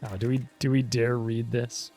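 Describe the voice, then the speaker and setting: Chill guy talking over a game, gravelly voice, says dude a lot. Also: medium pitch, level tone, normal speed, warm tone, faint music behind. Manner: laid-back, chatty, says dude and jeez. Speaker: let's play host. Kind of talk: casual gameplay commentary.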